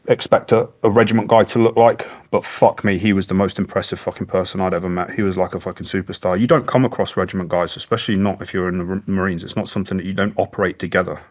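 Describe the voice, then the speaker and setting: A man's voice: fairly low pitch, a little mellow. A middle-aged British man, a former soldier, telling war stories bluntly and emotionally in an interview, swearing heavily. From Britain. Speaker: guest, former special forces soldier. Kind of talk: candid interview storytelling.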